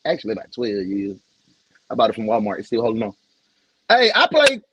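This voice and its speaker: A man's voice: fairly low pitch, wildly swooping pitch, fairly quick, fairly bright tone, highs cut off, a little hiss or hum. A young man with a Southern US accent, hosting a casual livestream in a loose, joking, slangy way and greeting viewers by name. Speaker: livestream host.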